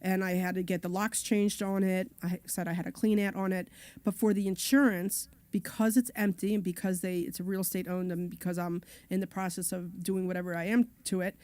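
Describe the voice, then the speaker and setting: A woman's voice: on the low side, little pitch movement, a little fast, a little mellow, dry recording. Chatty, long-winded woman co-host. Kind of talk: casual radio talk.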